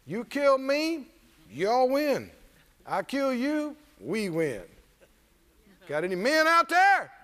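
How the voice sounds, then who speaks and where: A man's voice: extremely high pitch, big pitch swings, slow pace, pauses often, bright, forceful tone, heavily acted. A man preacher voicing a boastful giant warrior who taunts his enemies. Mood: taunting. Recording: reverberant church hall.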